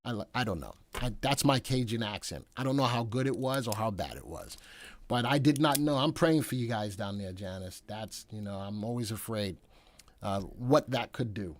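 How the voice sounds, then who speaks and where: A man's voice: on the low side, animated, moderate pace. A man hosting a live stock market show, talking casually and wandering into joking asides. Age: adult, past military service.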